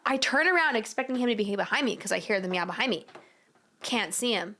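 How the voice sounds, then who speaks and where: A woman's voice: fairly high pitch, lively intonation, quick pace, sharp tone. Chatty young woman on a home livestream. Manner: chatty, giggly, slangy, coos at her cat. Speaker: livestream host. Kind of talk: casual livestream chat.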